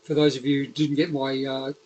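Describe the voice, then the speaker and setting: A man's voice: medium pitch, level tone, fairly quick, dull audio, a crowd in the background. A man with a Liverpool accent hosting a casual interview, rambling and chatty with lots of fillers and restarts. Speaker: podcast host.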